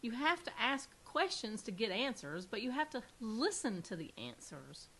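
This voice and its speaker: Bright-voiced Southern woman host. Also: on the high side, big pitch swings, moderate pace, husky. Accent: Southern American. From American South. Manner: chatty, with frequent restarts and fillers. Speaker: podcast host and mystery author. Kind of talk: casual interview chat.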